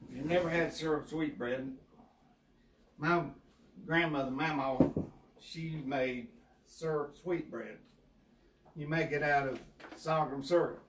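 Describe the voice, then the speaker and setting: A man's voice: fairly high pitch, takes it slowly, long pauses. Folksy Southern man in an echoey kitchen. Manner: folksy, easygoing, explains step by step. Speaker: home cook, co-host. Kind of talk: casual cooking demonstration. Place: home kitchen. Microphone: distant mic. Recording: echoey kitchen with far-off mic and faint hiss.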